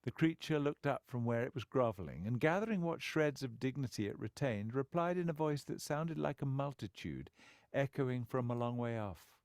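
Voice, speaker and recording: A male narrator reads a story with lively, expressive intonation that swings widely. He tells it with a wry storyteller's touch. The recording is close and dry, with no room around it. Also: medium pitch, moderate pace, no echo. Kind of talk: scripted narration.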